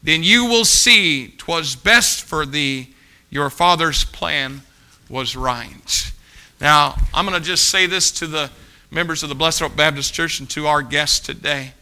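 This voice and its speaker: A man preaching from the pulpit in a high, ringing voice that is smooth and clear. He reads verse slowly and with feeling, rising to loud emphatic lines and then dropping to soft, low ones. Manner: reads poetry aloud slowly and expressively. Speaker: pastor. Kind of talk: sermon.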